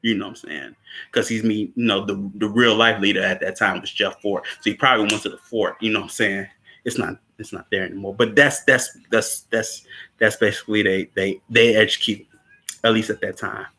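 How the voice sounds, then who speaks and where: A man casually recapping a film scene, laughing often, repeating words and acting out quotes in a higher voice. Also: fairly even intonation, a little fast, bright, forceful tone.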